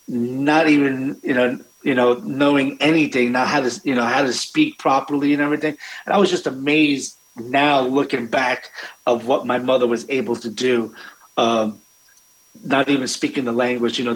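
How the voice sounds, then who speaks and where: A man's voice: medium pitch, low-quality recording. A man, a restaurant owner, telling family stories in a rambling way, with many fillers and restarts. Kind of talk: conversational storytelling.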